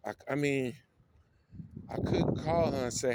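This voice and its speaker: A man tells a personal story slowly and emotionally, teary-eyed, repeating phrases and using street slang while he walks outdoors. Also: mid-range voice. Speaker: vlogger. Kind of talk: walking vlog, personal storytelling. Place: outdoors on a city street, walking. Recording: outdoor street noise, passing cars.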